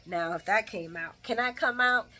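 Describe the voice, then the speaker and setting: A woman talks through a daily soap recap in a bright, forward voice. She chats directly to her viewers, laughs easily and talks back at the characters with expressive flair. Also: medium pitch, normal speed, slight background noise. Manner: chatty, addresses viewers directly. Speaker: soap opera recap vlogger. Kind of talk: casual daily recap commentary.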